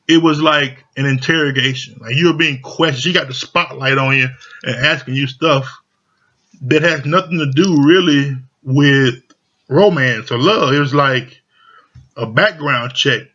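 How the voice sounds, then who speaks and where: A man's voice: medium pitch, measured pace, sharp tone. A man casually recapping a reality show, talking loosely with lots of slang and fillers. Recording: dull lo-fi audio.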